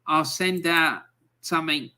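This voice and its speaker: An unhurried Cockney man in his fifties hosts a live football stream. His voice is bright and forceful, and he drifts through long stories with plenty of ums and uhs. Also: fairly high pitch, clean tone. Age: 50s. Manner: rambling anecdotes with many fillers. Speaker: livestream host. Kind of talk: live match-day chat.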